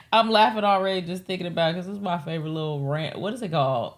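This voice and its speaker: Low-voiced woman hosting a live stream. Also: fast. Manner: rambling, profane, talks to chat. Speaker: live show host. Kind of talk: casual live-stream chat.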